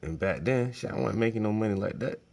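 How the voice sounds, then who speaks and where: Laid-back vlogger man, low register, swearing through rambling stories. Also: fast, gravelly, a little mellow. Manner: profane, laid-back storytelling. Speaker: painting vlogger. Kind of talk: casual rambling chat.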